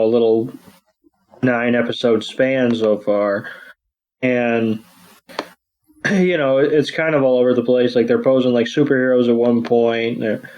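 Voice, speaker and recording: A man with a mid-range voice walks through the plot at an unhurried pace. His telling is loose and meandering, with frequent ums and restarts. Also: medium pitch, darkish tone, highs cut off. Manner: rambling, many ums and restarts. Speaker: podcast co-host. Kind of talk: casual episode recap.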